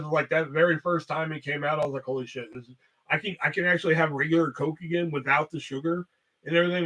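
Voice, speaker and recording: A man's voice: on the high side, fairly bright tone. A man hosting a casual livestream chat, rambling and swearing heavily as he talks. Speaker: host.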